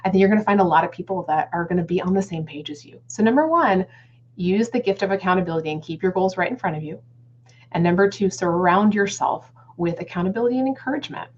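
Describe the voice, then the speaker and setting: A woman's voice: fairly low pitch, expressive, quick pace, slight background noise. A woman in her thirties giving an upbeat motivational talk on a live webinar, speaking to viewers as friends. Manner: enthusiastic, addresses viewers as friends and guys. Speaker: guest speaker on goal setting. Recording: slightly dull lo-fi webinar audio.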